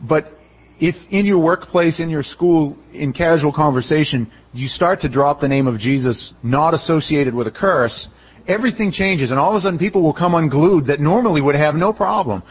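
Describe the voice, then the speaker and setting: A man's voice: fairly high pitch, moderate pace, slightly rough, dull audio. Conversational man preaching a sermon. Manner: conversational, acts out quoted voices, animated retelling. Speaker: pastor. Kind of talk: expository sermon.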